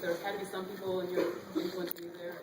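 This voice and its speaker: A woman's voice: lowish voice, flat delivery, fast talker. Woman, chatty fan question, distant, echoey hall, background noise. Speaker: audience member asking a question. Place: convention hall.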